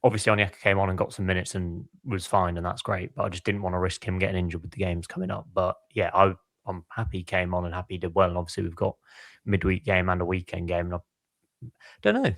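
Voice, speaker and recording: A deep male voice with an English accent, recorded close and dry. He talks football casually but analytically, thinking aloud and pulling up player stats. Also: fairly bright tone, no room sound. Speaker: podcast co-host.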